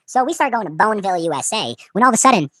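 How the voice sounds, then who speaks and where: A man in his twenties telling crude, absurd stories in a deadpan way on a comedy podcast. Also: sits high, very fast, noisy background.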